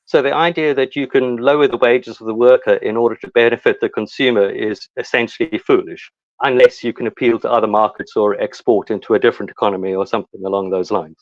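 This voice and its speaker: A man's voice: mid-range voice, fairly even intonation, quick pace, no room sound. Argumentative man on a dull call line. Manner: argumentative, rhetorical questions. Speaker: call-in participant. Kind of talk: casual debate on a live call.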